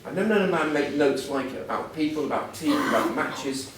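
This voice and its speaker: A man in his sixties, a guest speaker, gives an anecdotal after-dinner talk full of self-deprecating, humorous stories. His voice is a little high and fairly quick, picked up from a distance in a very echoey hall with a little hiss or hum.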